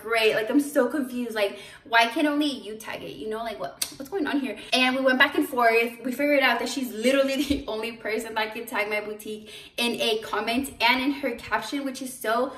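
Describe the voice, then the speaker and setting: A woman's voice: fairly high pitch, fairly quick, recorded from a distance. A young woman, a boutique owner, chatting casually to her vlog camera and telling stories with lots of fillers. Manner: chatty, animated storytelling with fillers. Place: her boutique store, indoors. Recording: echoey room, voice off-mic.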